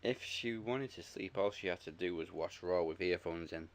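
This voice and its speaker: A man co-hosting a wrestling podcast in casual chat, easygoing and quick with dry quips. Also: sits low. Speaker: podcast co-host.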